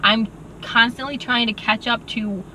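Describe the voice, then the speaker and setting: A woman with a bright, sharp tone talks through a movie review in animated, exasperated bursts. She speaks from inside a car, with a faint road hum underneath. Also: a little high, low-quality recording. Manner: animated, exasperated, quick asides with "like". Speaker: podcast co-host. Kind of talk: casual movie review chat.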